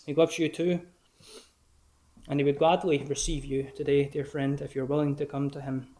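A man preaching a sermon in an earnest, measured way, slowing down when he quotes scripture. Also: mid-range voice, flat delivery, mellow.

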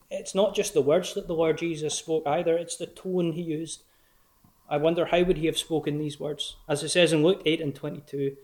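An earnest man preaching a sermon at a measured pace. His voice sits a little higher than most men's, and he slows down for quoted verses. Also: darkish tone.

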